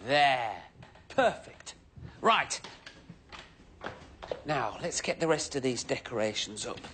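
A man's voice: mid-range voice, animated, slow pace, sharp tone, a little hiss or hum. An actor playing a cheerful, eager-to-please station helper on a children's TV show, chatty and very polite, talking to himself as he works. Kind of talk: scripted children's TV acting.

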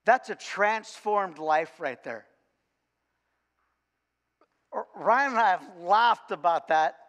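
A man, a coach, giving a sermon in a church and telling a lively, funny story with frequent restarts. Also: high-pitched, slow pace, highs cut off. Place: church sanctuary. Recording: long church reverb.

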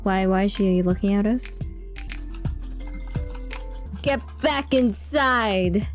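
A woman's voice: medium pitch, a little slow, soft background music. A woman streamer in casual gaming chat, taunting and trash-talking playfully.

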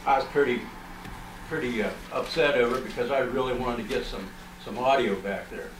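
A man's voice: medium pitch, brisk, fairly bright tone. A man telling an audience a long story, rambling along with many "uh" and "you know" fillers. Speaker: researcher presenting findings. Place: library meeting room. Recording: roomy, distant, with faint noise.

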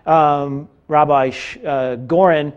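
A man leads a Bible class, talking casually and explaining as he goes, often pausing on fillers. His voice sits somewhat high for a man. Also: fairly even intonation, smooth, highs cut off.

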